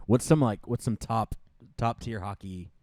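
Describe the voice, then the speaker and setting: A male podcast host leads a loose interview and teases his guest with jokes. His voice sits low, and the recording is close and dry with no room sound. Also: measured pace, mellow, no echo. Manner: joking, teasing interviewer. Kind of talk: casual interview chat.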